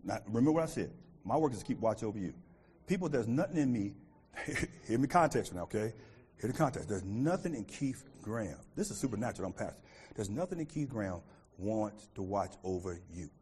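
Animated middle-aged man preaching a sermon. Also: lowish voice, brisk, slight background noise. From United States. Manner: animated, swings from loud outbursts to quiet asides. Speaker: pastor.

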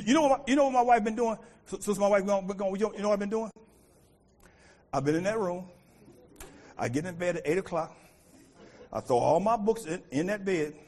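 Middle-aged american guy preaching, kinda high voice, super lively pitch, loud bursts then quiet asides. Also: husky. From United States. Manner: animated, swings from loud outbursts to quiet asides. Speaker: pastor. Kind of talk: sermon.

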